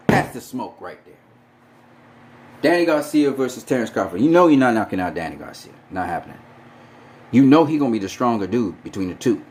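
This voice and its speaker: Man, casual boxing commentary, profane, emphatic, repeats himself, lively pitch. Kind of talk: casual opinion monologue.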